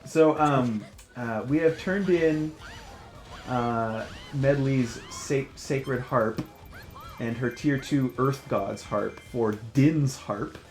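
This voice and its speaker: A man's voice: mid-range voice, takes it slowly, roomy sound, soft background music. A man hosting a casual gaming chat, laughing often as he explains game mechanics. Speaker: gameplay host.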